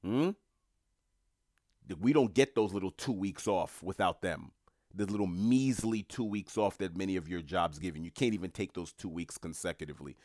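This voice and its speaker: A man's voice: low-pitched, moderate pace, darkish tone, dry recording, studio quality. A middle-aged man talking casually to his viewers in a rambling, musing way with mocking asides. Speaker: commentator.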